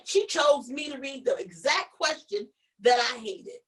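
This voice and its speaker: A woman co-hosts a casual live-stream chat. She tells a story with animation and stumbles over repeated words. Her voice sits a bit high and sounds distant from the mic. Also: expressive, a little slow. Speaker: show co-host.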